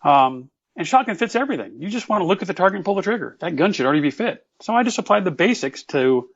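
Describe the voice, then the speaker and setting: A man with a somewhat higher voice lays out technical points carefully and earnestly. He talks at length and can get a little long-winded. The audio is slightly muffled and lo-fi. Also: sing-song, fast, slightly rough. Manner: earnest, explanatory, self-aware about rambling. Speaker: guest, shotgun expert. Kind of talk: technical explanation in an interview.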